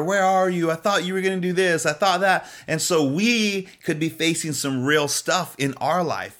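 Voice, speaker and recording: Animated male pastor telling stories. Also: fairly high pitch. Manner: animated storytelling, laughs often, asks "okay?". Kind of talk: sermon with personal stories.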